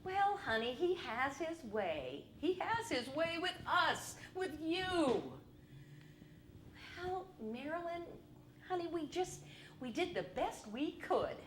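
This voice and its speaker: A woman on stage voicing her weary, apologetic mother, speaking softly and slowly in a solo show. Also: very high voice, very animated, roomy sound, a little hiss or hum, heavily acted. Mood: pleading. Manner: soft, hushed and drawn-out. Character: weary apologetic mother, soft-spoken and sighing.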